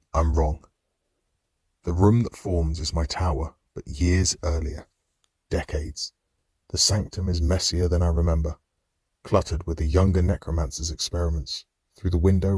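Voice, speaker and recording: Deep husky male audiobook narrator. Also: darkish tone, no echo, studio quality. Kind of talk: scripted first-person narration.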